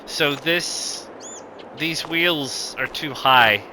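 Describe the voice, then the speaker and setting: A man's voice: fairly high pitch, extremely slow, sharp tone, a little hiss or hum, rough recording. A man giving casual, rambling gameplay commentary, with lots of ums and self-corrections. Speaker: gaming video host.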